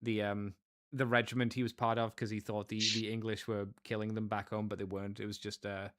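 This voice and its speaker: A man's voice: lowish voice, little pitch movement, brisk, fairly bright tone. A man co-hosting a podcast in casual chat, rambling with lots of fillers. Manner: rambling, with many fillers and restarts. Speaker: podcast co-host.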